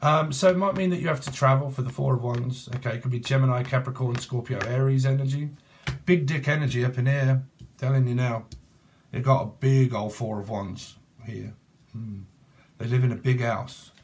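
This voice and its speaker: A man's voice: medium pitch, fairly even intonation, normal speed, slight background noise. A man with a British accent giving a rambling, jokey tarot reading, free-associating and laughing at his own jokes. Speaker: tarot reader.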